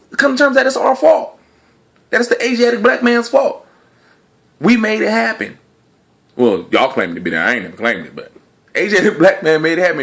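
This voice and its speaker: A man delivering a casual, argumentative monologue to the camera in slangy speech, full of rhetorical questions, dropping low and quiet, then rising loud and high. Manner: laughs between points. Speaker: video blogger.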